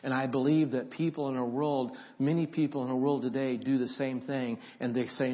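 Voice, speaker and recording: A pastor telling a story in his sermon, animated, with restarts and questions to the congregation. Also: medium pitch, fairly quick, few pauses. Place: church. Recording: dull lo-fi church audio.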